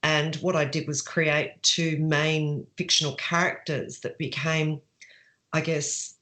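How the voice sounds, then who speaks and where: A woman's voice: sits low, level tone, slow, bright, forceful tone. Brief: middle-aged woman author, chatty, restarts often, laughs into her stories. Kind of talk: casual interview answers.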